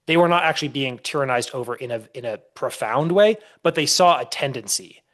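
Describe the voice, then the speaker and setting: A man's voice: medium pitch, lively intonation, a little fast, fairly bright tone. A man, a historian being interviewed on a podcast, explaining at length with frequent restarts and storytelling. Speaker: historian guest.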